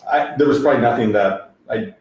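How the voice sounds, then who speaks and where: A man's voice: medium pitch, a little fast, darkish tone. A man telling his story as an interview guest, laid-back and full of fillers. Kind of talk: conversational testimony. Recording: very echoey room with faint background noise.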